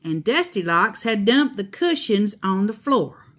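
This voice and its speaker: Woman storyteller, children's read-aloud, slow and expressive, mid pitch. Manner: slow, expressive, laughing asides. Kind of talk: reading a children's book aloud.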